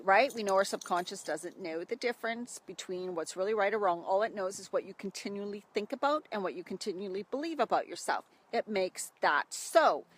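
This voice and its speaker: Chatty middle-aged woman coaching outdoors. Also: mid-range voice. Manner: chatty, acts out worried inner voices. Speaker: health coach for women over 40. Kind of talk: casual live video talk. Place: outdoors by a stream in the wind.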